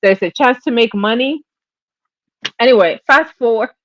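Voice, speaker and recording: Woman streamer telling gossip casually, fairly high voice, dry and lo-fi. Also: moderate pace, no room sound. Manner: chatty, animated, acts out quotes. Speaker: live stream host.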